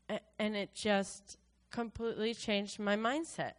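A woman's voice: fairly high pitch, a little slow, fairly bright tone, clean tone. A woman giving a personal testimony to her church, talking in a conversational, earnest way and retelling scripture in her own words.

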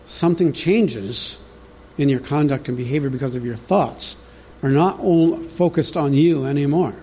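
A man's voice: a little high, normal speed, dark tone, breathy edge. A man preaching a sermon as pastor, in a conversational teaching manner that speaks directly to the congregation.

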